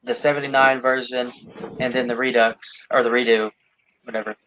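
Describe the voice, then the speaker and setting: A man joining a casual stream chat as a guest, talking in a hesitant, halting way with many pauses. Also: medium pitch, flat delivery, a bit bright, slight background noise, rough recording. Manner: hesitant, halting, lots of fillers.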